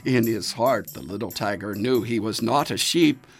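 A storyteller reading a children's animal fable in an animated, expressive way, with dramatic pauses. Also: mid-range voice, soft background music.

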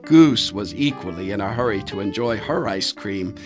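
A man reading a children's story aloud in an expressive storytelling manner. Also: on the low side, moderate pace. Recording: soft music underneath. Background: faint music.

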